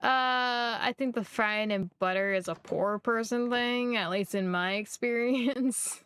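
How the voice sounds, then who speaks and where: A young woman from Missouri, chatting casually and rambling while she streams a game, quick to poke fun at herself. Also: fairly high pitch, fairly bright tone, smooth, dry recording. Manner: rambling, chatty, self-deprecating. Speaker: livestreamer. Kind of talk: casual live gameplay chat.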